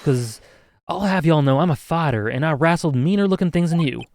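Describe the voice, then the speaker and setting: A man voicing a feisty, loud Southern woman photographer with a put-on drawl and folksy, challenging talk. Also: medium pitch, expressive, fairly quick, close to an everyday voice. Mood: defiant.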